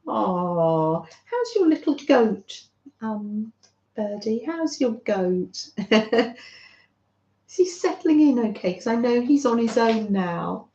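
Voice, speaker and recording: Gentle woman chatting slowly. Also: a little high, animated, reverberant, muffled recording. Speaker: craft channel host. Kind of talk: casual livestream chat with viewers.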